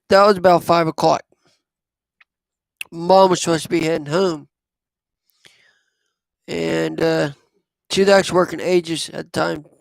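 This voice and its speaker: A man, telling a personal story in a rambling, halting way. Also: a little high, creaky, no room sound. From southwest Missouri. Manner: rambling, halting, with many fillers. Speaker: vlogger.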